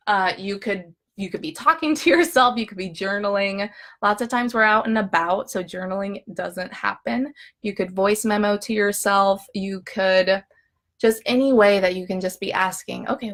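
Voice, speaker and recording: With a fairly bright, mid-range voice, this woman coaches people on emotional eating during a live session. Her manner is cheerful and talkative; she asks "okay?" again and again and plays out her inner monologue with flair.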